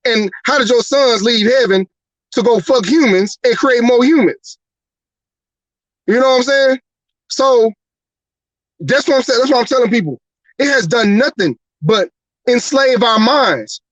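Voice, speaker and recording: Man host, high voice, dry close sound, angry profane rant, rhetorical questions. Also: moderate pace, a bit bright, dry recording, highs cut off. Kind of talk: heated live-show rant.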